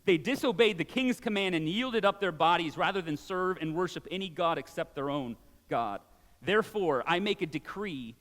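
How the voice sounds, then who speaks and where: A man in his forties preaching a sermon in a church, conversational and animated, with casual asides. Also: sits high, normal speed, long reverb tail. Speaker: pastor. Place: church sanctuary.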